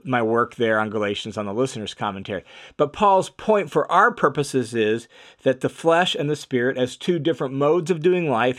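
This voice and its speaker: A man teaching scripture on a podcast, emphatic and repeating key phrases for stress. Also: mid-range voice.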